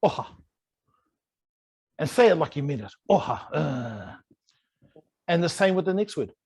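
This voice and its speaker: A man's voice: on the high side, big pitch swings, a little slow, darkish tone, breathy edge. Playful New man teaching words. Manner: playful, over-pronounces words to demonstrate. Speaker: language teacher. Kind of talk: online language lesson. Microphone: video call.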